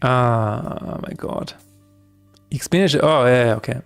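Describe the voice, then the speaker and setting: A man's voice: mid-range voice, a little slow, gravelly, smooth, faint music behind. A man streaming his game-development work who chats casually, jokes and rambles through asides, laughing often. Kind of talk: casual live-stream chat while coding.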